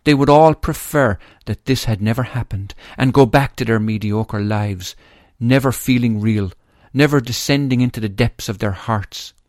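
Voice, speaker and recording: A man's voice: mid-range voice, normal speed, few pauses, darkish tone, dry recording, studio quality. A man reading aloud from his own memoir in an earnest, grieving way, then talking about it.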